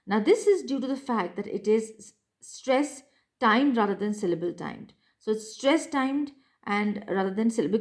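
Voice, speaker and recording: Mellow-voiced woman teaching, halting. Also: medium pitch. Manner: hesitant, many fillers, spells out syllables slowly. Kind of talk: recorded lecture.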